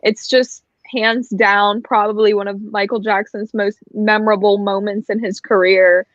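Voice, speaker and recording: A woman's voice: mid-range voice, flat delivery, moderate pace, dry recording. Playful woman on a muffled lo-fi line. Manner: playful, breezy. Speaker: debate panelist. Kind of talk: casual online debate.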